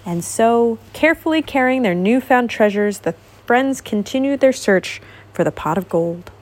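A woman reading a picture book aloud to a child, gentle and expressive, pausing to ask questions. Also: on the high side. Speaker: storybook reader.

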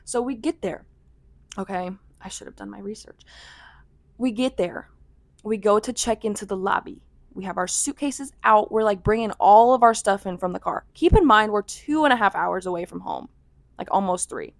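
A woman's voice: medium pitch, normal speed, creaky, no room sound. A young woman telling a rambling vlog story in a chatty, casual way, full of "like". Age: young adult. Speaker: vlogger.

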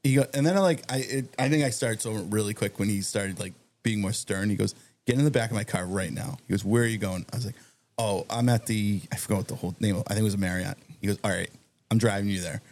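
A man telling a long, animated story on a podcast, acting out the other people in it. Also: on the low side, fast talker. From Massachusetts. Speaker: guest storyteller. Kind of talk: casual anecdote on a podcast.

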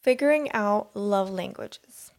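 Here a podcast co-host talks slowly in a medium-pitched, darkish voice. She rambles and hesitates through the casual conversation, often hunting for the right word.

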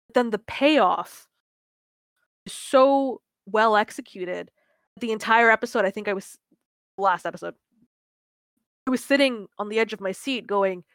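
A woman's voice: medium pitch, normal speed, dry recording, studio quality. Gushing, swearing podcast woman. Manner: gushing, profane, rambling with fillers. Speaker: podcast co-host. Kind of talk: casual chat.

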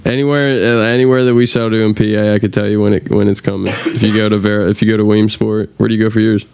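A man's voice: on the low side, flat delivery, fast, vocal fry, darkish tone, a little hiss or hum. A man chatting casually on a podcast, laughing and joking about his job. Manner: laughs often, joking reactions. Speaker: podcast co-host. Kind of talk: casual chat.

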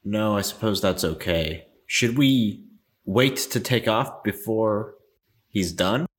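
A man player speaking dryly and deadpan at a tabletop game. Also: on the low side, slow. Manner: dry, deadpan.

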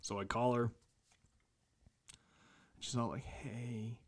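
Young male podcast co-host, tired, crude storyteller, laughs through his lines, average pitch. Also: fairly even intonation, slow, a little hiss or hum. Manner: crude, laughs often while telling a story. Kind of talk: casual chat, storytelling.

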